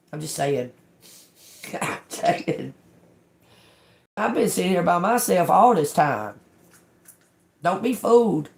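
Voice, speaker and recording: A woman's voice: low-pitched, moderate pace, a little mellow. A woman giving a casual live tarot reading. She talks bluntly, swears often, laughs between phrases and keeps checking whether her listeners understand. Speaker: tarot reader.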